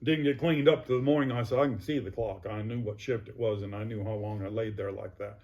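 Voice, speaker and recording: A man's voice: lowish voice, fast, darkish tone, highs cut off. A man telling his own story as an interview guest, plainspoken and vivid. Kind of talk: personal recovery story.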